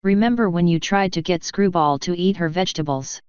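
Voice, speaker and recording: A woman's voice: on the low side, fairly quick, a little mellow, smooth, no echo, dull audio, close to an everyday voice. A woman voicing a mischievous male chaos creature who teases his family in a playful way. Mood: teasing. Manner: teasing, playful.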